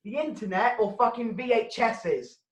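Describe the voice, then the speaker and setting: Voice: mid-range voice, moderate pace, echoey room. A comedy show host bantering casually over a video call, swearing freely with loose joking asides. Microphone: computer mic on a video call.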